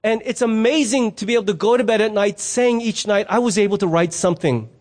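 A middle-aged man delivers a sermon in a relaxed, conversational way. His voice sits high and light for a man. He slips into stories and playful asides as he teaches. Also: fast. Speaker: pastor.

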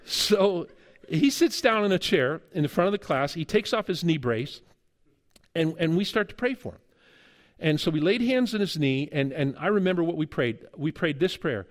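A middle-aged man preaching a sermon, telling a lively story with humor and chuckles as a guest preacher and seminary teacher. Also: on the high side, moderate pace.

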